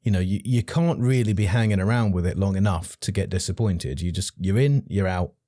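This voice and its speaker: A man on a podcast call speaks in a low, mellow voice. The sound is dry and close, and he weighs his words calmly. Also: a little fast, dry recording. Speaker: podcast guest. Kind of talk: casual chat.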